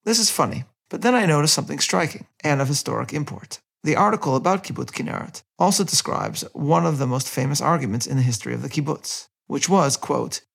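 Gravelly man narrating a scripted podcast. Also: mid-range voice. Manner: measured, reads quotes aloud with light character inflection. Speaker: podcast host.

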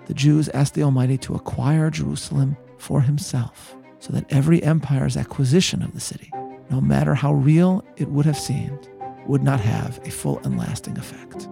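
A man hosting a podcast, giving a measured, scripted historical narration and reading quotations aloud. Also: medium pitch, expressive, vocal fry, mellow, soft background music. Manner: measured, storytelling, reads quotes aloud. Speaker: podcast host.

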